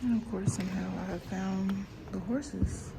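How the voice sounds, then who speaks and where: A woman in her thirties, a cowgirl and mother, chatting to viewers in a casual vlog, excitable and calling her audience y'all. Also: medium pitch, moderate pace, vocal fry, loud music behind the voice. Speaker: vlogger, cowgirl. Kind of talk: casual vlog narration to camera.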